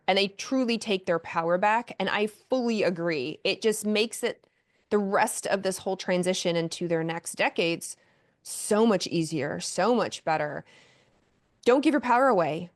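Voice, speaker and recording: A woman who is a doctor, a guest on a podcast, explaining her topic in an animated way and now and then acting out what people say to themselves. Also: mid-range voice, normal speed. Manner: animated, explanatory, acts out inner voices. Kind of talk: casual interview conversation.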